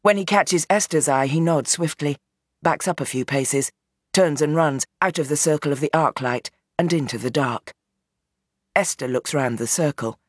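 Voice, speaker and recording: Low, husky woman narrating. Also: moderate pace, no room sound, studio quality. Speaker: audiobook narrator. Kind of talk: scripted narration.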